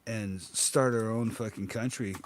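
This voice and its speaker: A man's voice: on the low side, steady tone, measured pace, a little hiss or hum. A Canadian man with a Canadian accent in casual chat, rambling, swearing often and laughing.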